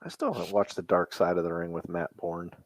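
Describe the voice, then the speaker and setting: A man's voice: low-pitched, animated, fairly quick, no room sound. A man co-hosting a casual wrestling podcast, laid-back and chuckling between remarks. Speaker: podcast co-host. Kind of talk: casual chat.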